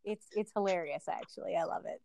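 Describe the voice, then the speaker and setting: A woman's voice: fairly low pitch, fairly quick, vocal fry, warm tone, no room sound. A woman co-hosting a casual chat, blunt and teasing with a dry wit. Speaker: podcast co-host.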